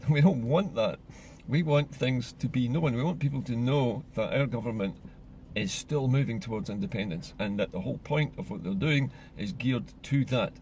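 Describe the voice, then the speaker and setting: A man from Scotland giving an earnest, measured solo monologue as a political commentator. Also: medium pitch, a little mellow, a little hiss or hum.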